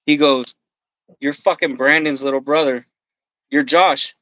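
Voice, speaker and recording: A man's voice: a little high, unhurried, no echo, poor audio. Profane storytelling man, close dry mic. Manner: profane, animated, quotes himself and others. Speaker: podcast guest. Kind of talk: casual storytelling. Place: podcast studio.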